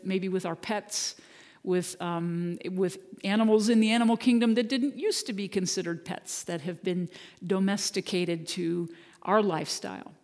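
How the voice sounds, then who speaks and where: Casual conversational sermon, storytelling with a joke or two, lots of reverb from the church hall. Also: medium pitch. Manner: conversational storytelling with gentle humor. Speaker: minister. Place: church sanctuary.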